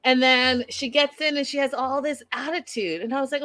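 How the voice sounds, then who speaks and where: Sassy high-voiced woman recapping gossip. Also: brisk, no echo. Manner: animated, sassy, acts out quotes. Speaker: host recapping a reality show. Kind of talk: casual recap commentary.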